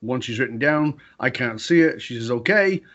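Animated male storyteller, lo-fi sound. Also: fairly quick. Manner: animated storyteller, acts out quotes with big pitch jumps. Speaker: interview guest. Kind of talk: storytelling in a conversation.

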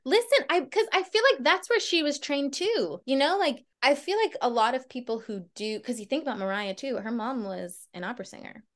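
A woman's voice: sits high, animated, brisk, few pauses, fairly bright tone. A woman guest in a casual interview chat, bubbly and laughing often as she tells stories in quoted voices. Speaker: guest performer.

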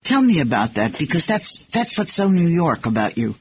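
Woman host, low-ish voice, teasing and fond, a little hiss behind. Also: very animated, normal speed. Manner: warm, teasing, affectionate. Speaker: radio host. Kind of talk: casual interview.

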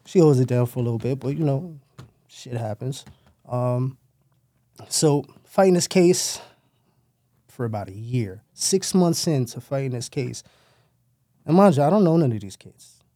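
A man's voice: mid-range voice, animated, unhurried, long pauses, mellow, dry recording. A man, telling his own story in loose street slang with plenty of profanity and rambling asides. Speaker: former gang member telling his story. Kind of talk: casual storytelling.

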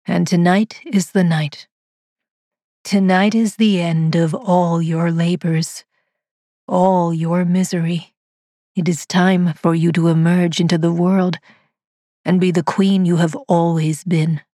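A woman doing a soft-spoken male cyborg master. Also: on the low side, steady tone, no echo, clean studio sound. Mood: gentle. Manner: soft, gentle, measured delivery. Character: calm, controlling male cyborg master and maker. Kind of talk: audiobook dialogue read by a narrator.

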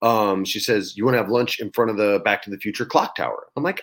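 A man, an actor, telling a story in casual chat, lively and swearing freely as he acts out quotes. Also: fairly low pitch, quick pace, hardly any pauses. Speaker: actor guest.

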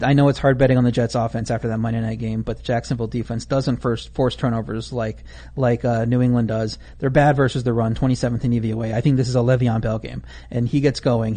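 A man's voice: mid-range voice, warm tone. A man co-hosting a podcast, giving casual football betting analysis packed with stats. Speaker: podcast co-host.

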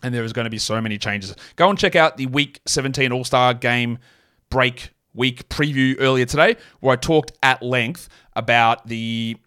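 A man's voice: medium pitch, normal speed, sharp tone, smooth. A man hosting a fantasy basketball podcast, talking through his picks in a rambling, self-correcting way full of fillers. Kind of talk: solo podcast analysis.

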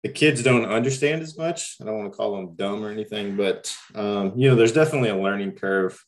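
A man's voice: lowish voice, brisk. Young man from Missouri, hesitant. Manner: hesitant, many ums and restarts. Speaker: guest basketball coach. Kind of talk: casual interview talk.

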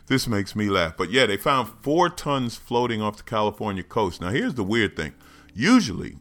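A podcast host with a low, fairly bright voice riffs sarcastically and animatedly on news stories for comedic commentary.

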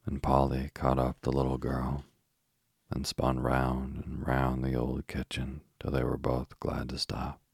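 A man with a very deep, gravelly voice narrates a bedtime story. His reading is slow, soft and flat in tone. The recording is close and dry, with no room sound. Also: no room sound. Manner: soft, even, unhurried.

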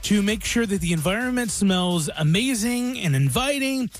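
A man's voice: sits high, expressive, moderate pace, soft background music. A man hosting a radio show, chatting in an upbeat, playful way. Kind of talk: casual chat.

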